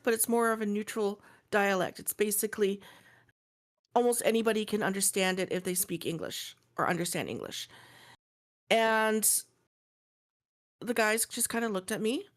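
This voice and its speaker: Canadian woman cohost, neutral west coast accent, chatty storyteller, middle pitch. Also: normal speed, long pauses. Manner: storytelling, acts out quoted dialogue. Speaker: podcast co-host. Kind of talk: casual chat.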